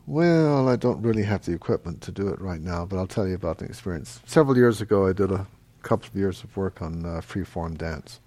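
Gravelly low-voiced meditation teacher. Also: male voice. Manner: relaxed, halting, with laughs and fillers. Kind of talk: answering questions in a meditation class. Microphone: microphone.

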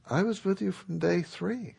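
A man voicing a patient, gentle divine male teacher who calmly explains himself, with a husky, gravelly voice. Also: sits high, unhurried, voice pushed up, exaggerated voice. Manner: calm, explaining kindly.

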